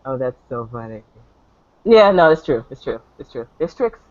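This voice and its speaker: A woman's voice: very deep voice, very animated, moderate pace, a little mellow. A woman in casual chat, frank and blunt, agreeing with the others. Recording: dull lo-fi recording.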